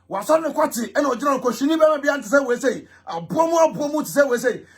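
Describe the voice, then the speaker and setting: A man ranting loudly as a vlog host, repeating himself and mocking. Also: extremely high pitch, animated, fairly quick. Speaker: vlogger host. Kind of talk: animated ranting commentary.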